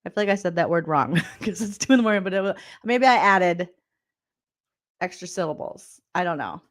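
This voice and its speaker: A woman comedian recapping reality TV in a loud, profane, incredulous rant, laughing often. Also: on the low side, expressive, a little fast.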